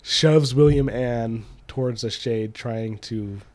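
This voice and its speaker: Slow and darkish in tone, this mid-range male voice belongs to a podcast co-host. He chats casually about a book, loosely recapping its plot and using plenty of fillers.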